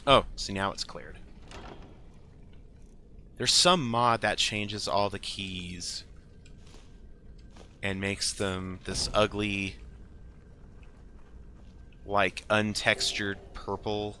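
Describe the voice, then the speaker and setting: A man's voice: on the low side, steady tone, bright, forceful tone, a little hiss or hum. A man talking casually through his own gameplay as channel host, musing aloud and often dropping to a whisper to read names. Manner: slow, musing, often drops to a whisper while reading.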